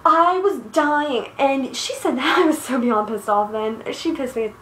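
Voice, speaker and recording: Teen girl, high-pitched, swearing and exasperated, recorded in an echoey room. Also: a little slow, a bit bright, slight background noise. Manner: profane, exasperated, rambling. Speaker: vlogger. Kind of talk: angry personal rant. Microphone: iPod built-in mic.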